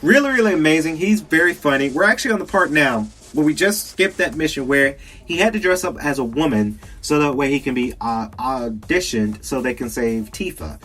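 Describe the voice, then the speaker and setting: A young man from South Georgia with a Southern accent hosts a casual podcast, talking solo about a game review. His fairly high, fairly bright voice is lively and a little fast, with hardly any pauses, rambling chattily with many fillers and frequent laughs. Faint music plays behind him.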